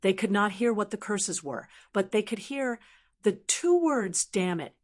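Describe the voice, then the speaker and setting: A woman narrating an audiobook of a translated fantasy novel in an even, unhurried storytelling manner. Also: medium pitch. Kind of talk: scripted narration.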